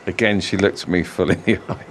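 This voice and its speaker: Low-voiced guy reading out gossip, dry and sweary, faint background hiss. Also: steady tone, fast, creaky. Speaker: podcast co-host. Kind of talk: reading listener stories aloud.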